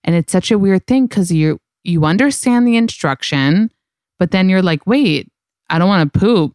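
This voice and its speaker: Young woman host, lowish smooth voice, close dry mic, candid chatty storyteller who swears freely. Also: expressive, normal speed, a little mellow, no room sound. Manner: candid, profane, lots of "like". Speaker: podcast host. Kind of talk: casual storytelling chat.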